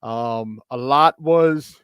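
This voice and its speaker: Brief: male sports talk show host, high-energy and laughing, dry close sound. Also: very slow, clean tone, dry recording, dull audio. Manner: hyped, shouting out chat viewers with frequent laughs.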